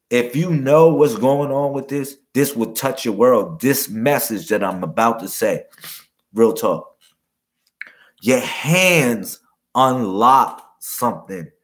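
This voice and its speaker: A man talking on a livestream in a mid-pitched voice, teaching in a loose, repetitive way. He fills his talk with slang, keeps checking in with viewers, and circles back over his points. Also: expressive, slow pace. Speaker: livestream host. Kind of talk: casual spiritual teaching livestream.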